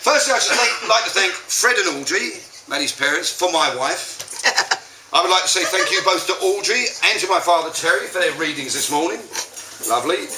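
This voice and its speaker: A man giving his wedding speech as the groom, telling dry jokes and pausing for laughs. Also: on the high side. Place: wedding reception room. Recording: far-off mic in echoey room with loud noise.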